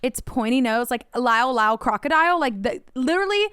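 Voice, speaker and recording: A high, smooth-voiced young woman tells a story on a podcast, animated and loose, full of "like" and casual swearing. She is recorded close and dry, with no room sound around her. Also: fairly quick, no room sound. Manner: animated, swearing often, heavy use of "like". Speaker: podcast co-host.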